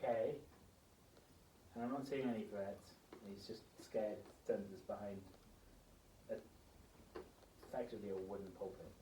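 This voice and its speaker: A man's voice: on the low side, normal speed, pauses often, mellow, slight background noise. A man playing a tabletop game in a blunt, matter-of-fact way, recorded in an echoey room from a distance. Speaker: player. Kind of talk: casual tabletop chat.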